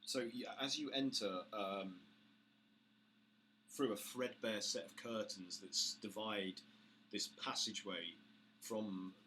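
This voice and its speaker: A British man running a tabletop game, picking his words slowly with lots of fillers. His voice has a very bright, sharp edge, with a faint hiss under the low-quality audio. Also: fairly even intonation. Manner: halting, many fillers. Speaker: game master.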